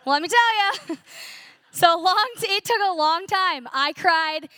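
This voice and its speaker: A woman's voice: very high-pitched, animated, a little slow, pushed and bright, no room sound, clean studio sound. A young woman in her twenties sharing an earnest, emotional personal testimony at a church conference, telling her story with animation.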